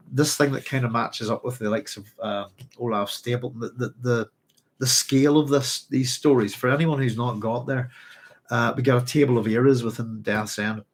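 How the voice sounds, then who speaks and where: A man's voice: medium pitch, a little hiss or hum. A man hosting a live chat, rambling and hesitant as he reads out viewer comments. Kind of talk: casual live-stream chat.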